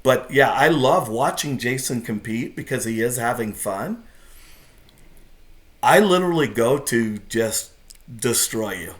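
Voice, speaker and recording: A man's voice: mid-range voice, lively intonation, measured pace. A middle-aged man, a jiu-jitsu competitor and podcast guest, telling stories in a casual, intense and self-deprecating way. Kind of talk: casual storytelling.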